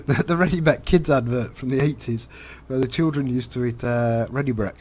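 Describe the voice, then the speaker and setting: A man commentates on a driving game while telling a rambling story, halting often, packing in fillers and repeated words, and chuckling along the way. His voice is mid-range, a little mellow and husky.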